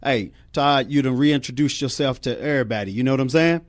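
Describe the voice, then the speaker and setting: A man's voice: mid-range voice, fairly quick, no echo. A man hosting a talk show, upbeat and encouraging, with a casual slangy way of talking. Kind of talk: casual interview chat.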